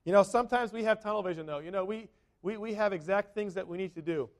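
Speaking fast in a high-sitting voice, a male pastor delivers a conversational sermon, frequently asking his listeners questions and performing the quotes he cites.

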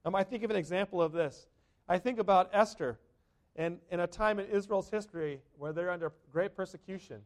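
A man's voice: high voice, a little fast. A man preaching a sermon to a congregation, conversational, often asking the listeners questions. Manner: conversational, asks the congregation questions, acts out quotes. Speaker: pastor.

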